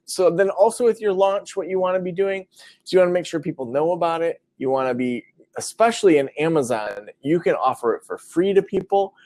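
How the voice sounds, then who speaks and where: A man's voice: on the high side, a little mellow, no room sound. A man hosting a live webinar, talking casually with lots of fillers and answering viewer questions. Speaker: webinar host. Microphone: computer mic over a web stream.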